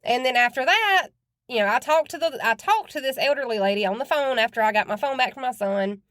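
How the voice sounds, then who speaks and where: Blunt, chatty woman podcaster with a higher voice. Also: lively intonation, a little fast, a bit bright, dry recording, clean studio sound. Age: adult with children. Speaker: true crime podcast host. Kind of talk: casual true crime podcast chat.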